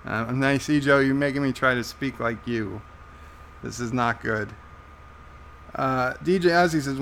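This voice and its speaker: An American man hosting a casual live stream, reading chat messages aloud in an amused, halting way. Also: medium pitch, a bit bright, slight background noise. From United States. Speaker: livestream host reading chat.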